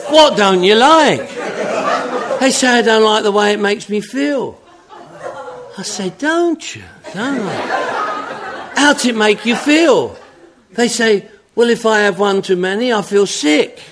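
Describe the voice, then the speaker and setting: A man's voice: high-pitched, expressive, takes it slowly, long pauses, a crowd in the background, background noise. A man speaking to an audience at a recovery meeting, telling his story in a folksy, drawling, joking way with lots of repetition.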